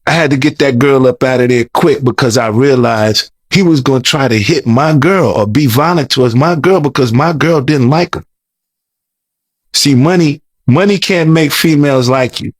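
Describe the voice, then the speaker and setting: A man's voice: mid-range voice, moderate pace, no room sound. A man telling a long story as an interview guest, rambling, repeating words, and talking in loose slang. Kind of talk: casual storytelling.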